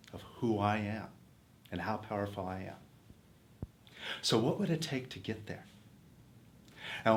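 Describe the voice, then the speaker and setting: A man's voice: medium pitch, a little hiss or hum. A man teaching self-help in an earnest, coaxing motivational talk, posing questions to his listeners.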